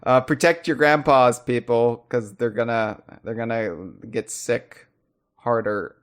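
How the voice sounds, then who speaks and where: A man hosting a casual podcast, talking fast with loud, animated bursts. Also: mid-range voice. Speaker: podcast host.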